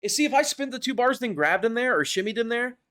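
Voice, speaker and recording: A young man with an extremely high, bright, forceful voice talks fast and expressively over his tournament footage for his gaming channel. He rambles, knocks his own play, curses and laughs off his mistakes.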